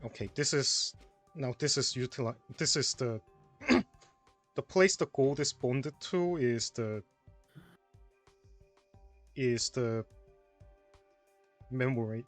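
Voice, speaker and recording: A man's voice: medium pitch, lively intonation, takes it slowly, pauses often, soft background music. A man co-commentating on a tournament stream, explaining puzzle mechanics in a hesitant way with restarts and fillers. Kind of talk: casual puzzle-solution commentary.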